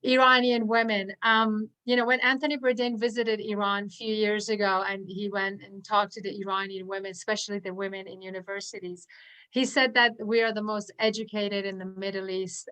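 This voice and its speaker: A woman on a video call with a bright, forward tone. She speaks earnestly and animatedly at an online event, acting out quoted dialogue as she tells a personal story. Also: mid-range voice, clear, resonant tone, rough recording. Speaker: audience member at an online poetry event.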